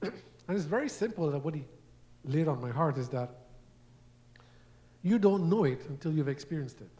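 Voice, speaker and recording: A man's voice: on the high side, expressive, normal speed, dark tone. A man preaching a sermon, telling everyday stories and acting out quoted voices, sometimes repeating words as he goes. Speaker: guest preacher. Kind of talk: sermon teaching.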